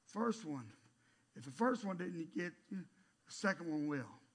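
A middle-aged male pastor preaching a sermon in an animated way, swinging from loud emphatic bursts to hushed asides. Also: fairly high pitch, unhurried, slightly rough.

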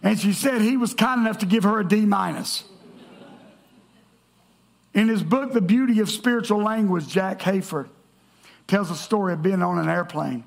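Male pastor, sermon, storytelling, high voice, gravelly edge. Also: normal speed, long pauses. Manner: storytelling, reading scripture aloud.

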